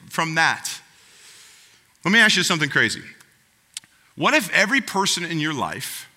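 A man's voice: fairly high pitch, bright, forceful tone, big-room sound. A man preaching a sermon, speaking earnestly and directly to the congregation as their pastor.

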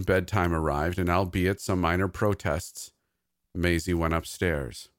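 Low-voiced man narrating a horror story. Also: dry recording, studio quality.

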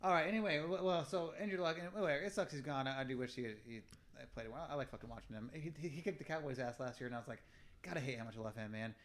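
Man, podcast co-host, quick, slightly high voice, rambling, profane sports chat. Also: fairly bright tone. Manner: rambling, profane, restarts often.

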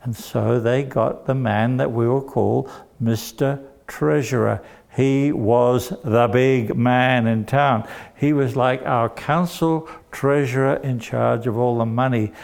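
Slow, gravelly storyteller man. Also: medium pitch. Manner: animated, playful, asks the children questions. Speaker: children's storyteller. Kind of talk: storytelling to children.

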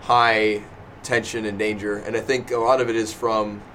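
A man with a lowish voice, musing through ideas in a relaxed podcast chat. He hesitates and restarts, leaning on fillers. Faint fan noise is heard behind him. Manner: hesitant, halting, fills pauses with um and laughs. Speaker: podcast host. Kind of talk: casual podcast discussion. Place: small indoor room with a noisy fan.

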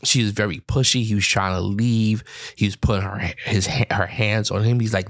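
Male podcast host, low voice, heated and repetitive, dry mic. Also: fairly even intonation, moderate pace, a bit bright, no room sound. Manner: heated, repetitive retelling with frequent restarts. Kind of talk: opinion commentary.

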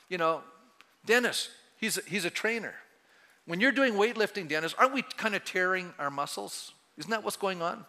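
In a reverberant church hall, a pastor in his sixties preaches a sermon, chatting and joking with the congregation before rising to fervent exhortation. His voice is high-pitched, bright, and forceful.

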